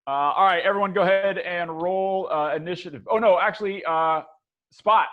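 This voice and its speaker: A man's voice: sits high, fairly quick, dull audio. A man running a tabletop game as dungeon master, laughing often and talking loosely with lots of fillers.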